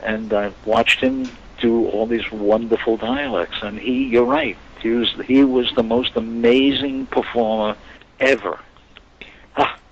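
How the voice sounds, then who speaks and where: An older man, a guest actor, telling lively anecdotes in an interview and acting out the voices of people he quotes. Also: mid-range voice, a little slow, muffled recording, slight background noise. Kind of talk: storytelling interview chat.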